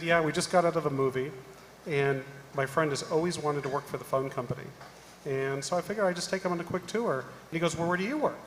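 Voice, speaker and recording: Guy on stage spinning a story, acts out the voices, big echoey hall w/ a bit of hiss. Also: fairly high pitch. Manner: animated storyteller acting out dialogue. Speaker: conference panelist. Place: large conference hall. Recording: echoey hall, faint noise.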